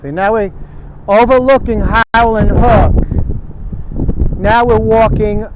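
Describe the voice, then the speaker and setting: Older man with a very high voice, slow-talking. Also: steady tone. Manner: chatty, pointing out sights to viewers. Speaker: vlog host. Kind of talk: walking tour narration. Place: outdoors on a windy bridge by traffic. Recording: outdoor wind and traffic noise.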